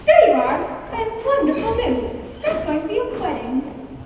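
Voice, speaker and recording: A young woman playing a ditzy, excitable chorus girl who speaks in a bubbly rush. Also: very high-pitched, measured pace, a little hiss or hum, exaggerated voice. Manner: bubbly and breathless. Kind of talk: stage musical acting. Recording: echoey stage hall from far off.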